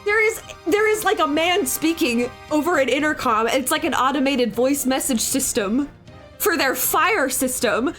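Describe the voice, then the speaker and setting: A woman's voice: sits high, animated, moderate pace. A young woman streaming her digital art, telling a rambling story in a casual, chatty way, swearing freely and laughing often. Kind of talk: casual storytelling while drawing. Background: soft background music.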